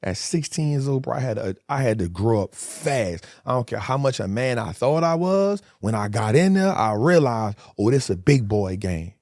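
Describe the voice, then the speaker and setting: A man's voice: mid-range voice, very animated, moderate pace, few pauses, a little mellow, no echo, clean studio sound. A man in his forties, a guest telling hard stories in a candid interview, emphatic and full of street slang.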